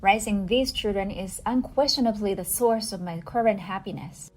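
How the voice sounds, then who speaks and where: A woman reading a first-person family story in measured, scripted narration. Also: medium pitch, a little mellow.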